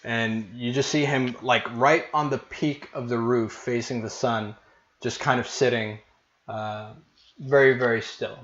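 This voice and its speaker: A man's voice: medium pitch, steady tone, a little slow, fairly bright tone, slight background noise. Man narrating a tabletop game, muffled. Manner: casual, hesitant, many fillers. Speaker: game master.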